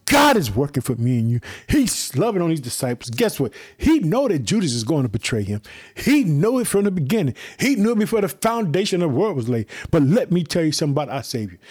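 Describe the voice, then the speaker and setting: A man from Chicago delivers an excited podcast sermon with a slightly husky tone. His pitch sits a little high and leaps around with lively swings. He keeps piling on enthusiastic refrains like a revival preacher. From United States. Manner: exuberant, repeats "let me tell you something".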